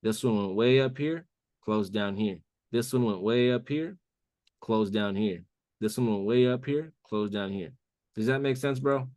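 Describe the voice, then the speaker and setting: Male trading mentor, low voice, casual slangy delivery, dry close mic. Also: unhurried, darkish tone, dry recording. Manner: casual, says "bro" a lot. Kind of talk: live trading call walkthrough.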